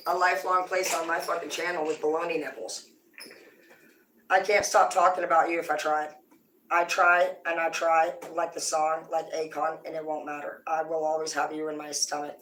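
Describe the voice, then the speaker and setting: A woman's voice: lowish voice, fairly bright tone, slight background noise. A woman livestreaming a rambling, confrontational rant full of swearing. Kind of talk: live-stream rant to viewers. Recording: roomy sound, distant from mic.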